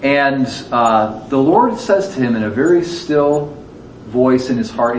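A man's voice: mid-range voice, expressive, measured pace. A man teaching a Bible lesson to a class, talking conversationally, asking the audience questions and acting out the quotes. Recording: echoey room, distant mic, faint background noise.

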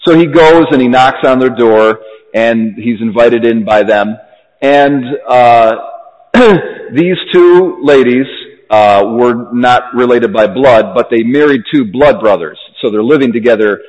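A man's voice: a little slow, darkish tone, long reverb tail, dull audio. A man preaching a conversational homily in a church, with fillers and restarts. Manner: conversational, grows fervent and high when urging. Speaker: priest.

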